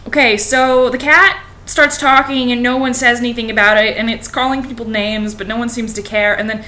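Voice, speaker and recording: A woman's voice: fairly high pitch, fairly even intonation, moderate pace, hardly any pauses, bright, forceful tone. A young woman, a college student, casually reading a fairy tale aloud with sarcastic, profane asides. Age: young adult.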